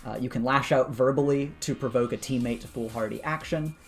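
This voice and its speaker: Laid back guy running a tabletop game, lots of uhs, mid pitch, faint music under it. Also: fairly quick. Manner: relaxed, lots of "uh" fillers, chuckles. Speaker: game master.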